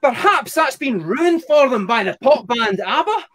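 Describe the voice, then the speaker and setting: A young Scottish man working through a stand-up set with a wry, deadpan delivery and plenty of swearing. His voice sits very high for a man, and he spins his stories in an unhurried, dry way. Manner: wry, profane, deadpan storytelling. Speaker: stand-up comedian.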